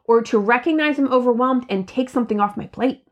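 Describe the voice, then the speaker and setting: A woman's voice: a little high, a little fast, highs cut off. A woman in her thirties, a mother co-hosting a Christian podcast, talking casually and acting out her own frustrated thoughts. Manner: animated, acts out her own frustrated lines. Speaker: podcast co-host. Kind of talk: casual faith podcast chat.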